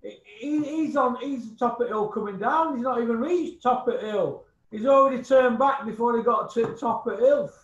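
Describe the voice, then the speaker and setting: A man's voice: extremely high pitch, normal speed, few pauses, echoey room, highs cut off. A man giving blunt, scornful opinions on boxing in casual chat, swearing and repeating insults. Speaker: boxing pundit guest.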